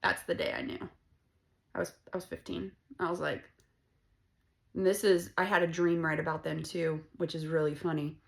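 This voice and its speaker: Frank, foul-mouthed woman with a somewhat low voice, chatting loosely through a tarot reading. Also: moderate pace, gravelly. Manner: blunt and profane, rambling and conversational. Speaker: tarot reader. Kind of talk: casual tarot reading monologue.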